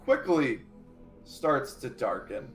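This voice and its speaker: A man running a tabletop role-playing game as game master, narrating in a relaxed, playful way. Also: mid-range voice, slow, roomy sound, soft background music.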